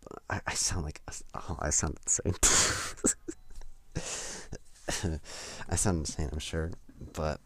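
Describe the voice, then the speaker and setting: A man's voice: very deep voice, fairly even intonation, fairly quick, slightly rough. A young man hosting a solo podcast, rambling and self-deprecating with lots of hesitations. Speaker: podcast host.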